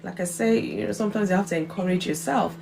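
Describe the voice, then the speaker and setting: A woman's voice: mid-range voice, quick pace, gravelly, a little mellow, slight background noise. A woman hosting a faith livestream, giving an earnest, emphatic devotional talk and repeating key phrases for weight. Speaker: host of a faith encouragement livestream.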